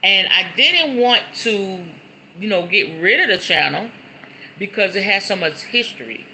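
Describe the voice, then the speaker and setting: Middle-aged woman host, casual livestream chatter, keen bright edge, faint background hiss. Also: medium pitch, lively intonation, measured pace, poor audio. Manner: chatty, repeats words, often says y'all. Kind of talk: casual livestream chat to viewers. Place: at home, in front of a decorated backdrop.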